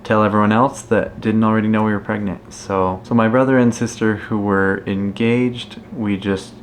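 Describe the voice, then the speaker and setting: A young man recaps family news for a vlog. He explains things plainly, without fuss. His voice sits a bit low, over faint background hiss. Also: steady tone, normal speed. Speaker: family vlogger. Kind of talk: casual vlog narration.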